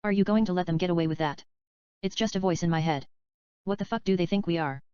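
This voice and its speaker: A woman reading the part of a chatty, dreamy male screenwriter in a plain, even voice. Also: on the low side, fast talker, clean tone, dry recording, close to an everyday voice. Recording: dull, slightly lo-fi dry recording.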